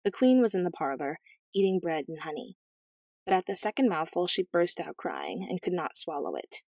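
A woman narrating a fairy tale as an audiobook, in a measured, gently expressive storytelling manner. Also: lowish voice, creaky, dry recording, studio quality.

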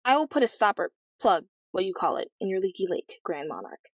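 A woman voicing a cool, blunt young prince in a storybook reading, calm and matter-of-fact. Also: mid-range voice, brisk, husky, dry recording.

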